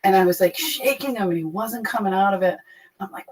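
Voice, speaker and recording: A young adult woman frankly retelling a painful personal story, profane and animated. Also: mid-range voice, fairly quick, poor audio. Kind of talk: candid conversational storytelling.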